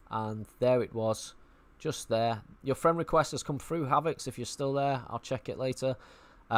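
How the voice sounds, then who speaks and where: A mid-range, somewhat bright voice belongs to an English streamer with a Manchester accent. He talks casually over his gameplay, musing aloud and swearing a little.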